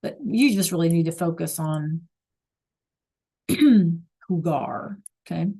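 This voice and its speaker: A woman's voice: lowish voice, unhurried, mellow. A woman teaching a Spanish class over a video call, patient and checking in often with the students.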